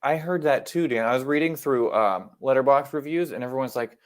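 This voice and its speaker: A man's voice: medium pitch, a little fast. A man co-hosting a horror film podcast, trading dry, teasing banter in casual chat. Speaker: podcast co-host.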